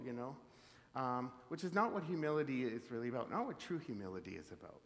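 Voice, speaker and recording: A man's voice: mid-range voice, lively intonation, a little fast. A man from the prairies preaching a sermon in an easy, reflective, conversational way with many fillers. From Canadian prairies. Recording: reverberant hall.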